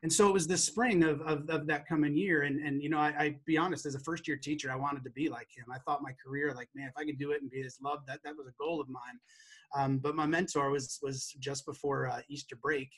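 A man speaking in an earnest, heartfelt way, sharing personal stories as a guest educator. His voice sits a little high with a breathy, husky edge. He slips into acting out other people's words as he tells it. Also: fairly even intonation, fast, fairly bright tone. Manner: earnest, emotional, acts out quotes. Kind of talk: casual interview storytelling.

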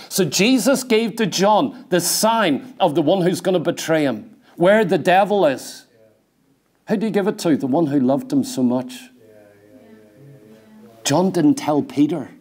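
A man preaching a sermon in a church, emphatic and questioning, at times dropping to a quiet, intense delivery. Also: high voice, expressive, unhurried. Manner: emphatic, asks the congregation direct questions.

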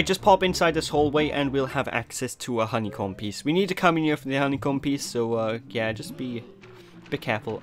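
Lively jokey Welsh gaming host. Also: male voice, mid-range voice. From Wales. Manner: rambling, jokey, self-deprecating. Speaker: let's play host. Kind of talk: gameplay commentary.

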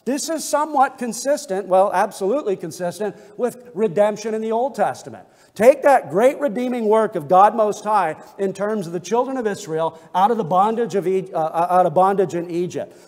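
A male pastor delivers an earnest expository sermon, pressing his points home with emphatic restatements. His voice sits high for a man. The sound rings with the long reverb of a church sanctuary. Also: animated, normal speed, darkish tone. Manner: earnest preaching with emphatic restatements and scripture readings.

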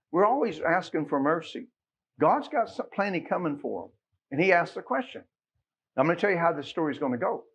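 Man, Texan accent, pastor, folksy sermon, husky, dull lo-fi livestream. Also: fairly high pitch. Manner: folksy, joking asides to the congregation.

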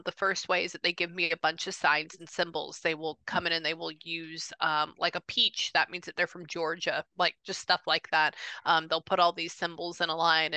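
A woman working as a psychic medium, talking casually with a client over a video call, chatty, with quick restarts and repeated phrases. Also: lowish voice, bright, forceful tone, no echo. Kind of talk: casual reading session with a client.

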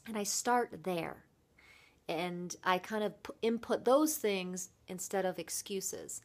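A woman voice coach giving a motivational vlog talk, earnest and reflective, with thoughtful pauses. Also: on the low side, lively intonation.

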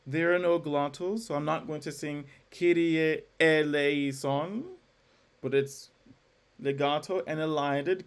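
Young male music teacher, slightly high voice, casual lecture with self-corrections and sung vowel demos. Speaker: music instructor. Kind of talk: classroom lecture.

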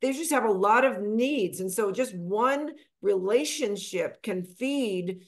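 A middle-aged woman from Texas, a financial advisor guest, telling her story in a lively conversational way and acting out the people she quotes. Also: takes it slowly. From Texas, USA. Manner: animated, acts out quotes with big pitch jumps.

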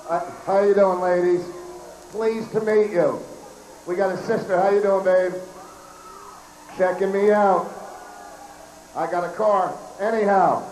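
A hoarse male comedian emceeing an outdoor festival stage, joking brashly and swearing at the crowd. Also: high-pitched, slight background noise. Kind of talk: stage banter. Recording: echoey outdoor PA sound.

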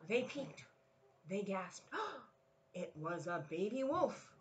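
A woman in her thirties, a children's librarian, leading a family storytime with a lively, encouraging read-aloud manner. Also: mid-range voice, takes it slowly, slight background noise, low-quality recording.

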